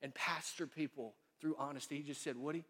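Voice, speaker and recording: A man preaching a sermon as pastor in a church sanctuary, folksy and storytelling, growing quiet and earnest. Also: a little high, fairly even intonation, a little fast, breathy edge. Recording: long reverb of a church hall.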